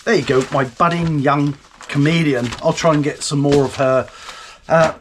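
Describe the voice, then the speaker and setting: A man's voice: a little high, fairly even intonation, moderate pace, a little hiss or hum. A man hosting a live stream, rambling and swearing indignantly about politics. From United Kingdom. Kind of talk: casual ranting commentary.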